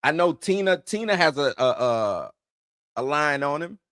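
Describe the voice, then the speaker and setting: A man's voice: fairly high pitch, big pitch swings, normal speed, a bit bright, dry recording, clean studio sound. A man hosting an entertainment news show in loose, slangy casual commentary, chuckling between points.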